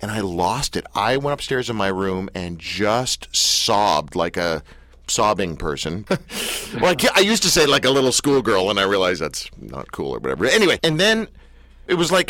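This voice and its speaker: Male talk-radio host, animated self-mocking storyteller, dry studio sound. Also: lowish voice, moderate pace, no room sound. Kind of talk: casual radio interview.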